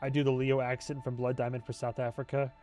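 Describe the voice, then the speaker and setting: A man's voice: medium pitch, little pitch movement, a little mellow, faint music behind. Rambling, joking livestream host man. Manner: rambling, joking, quick to laugh. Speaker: YouTube host, TV show reviewer. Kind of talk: casual livestream chat.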